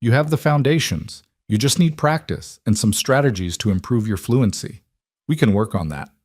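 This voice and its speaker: A man's voice: mid-range voice, lively intonation, normal speed, a little mellow, no room sound, studio quality, close to an everyday voice. A man voicing a shy young woman schoolteacher who doubts herself and speaks hesitantly. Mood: anxious. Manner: hesitant, self-deprecating.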